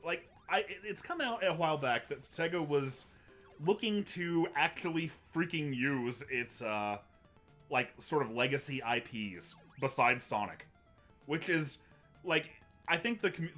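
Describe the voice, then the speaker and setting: A man's voice: on the high side, bright, forceful tone. A man hosting a casual livestream, talking in a rambling way with many restarts and fillers. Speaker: host.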